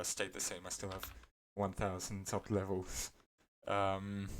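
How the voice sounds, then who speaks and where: A man with a fairly low voice talks through his gameplay in a loose, rambling way, full of fillers and mid-sentence corrections. His voice cracks here and there as he goes. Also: fairly bright tone. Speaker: gameplay video creator. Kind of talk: casual gameplay commentary.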